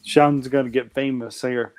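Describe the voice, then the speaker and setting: A man's voice: medium pitch, steady tone, moderate pace, darkish tone, smooth. A man hosting a casual live stream chat, playful and teasing, often laughing.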